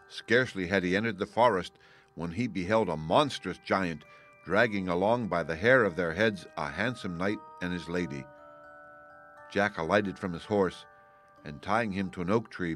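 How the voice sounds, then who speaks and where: A man narrating a fairy-tale audiobook with a low voice. His delivery is steady and even, with faint music underneath.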